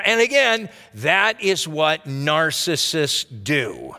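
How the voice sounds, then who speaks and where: Male pastor, high and expressive, conversational sermon, reverberant church sound. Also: takes it slowly, gravelly. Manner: lively, conversational preaching with rhetorical asides.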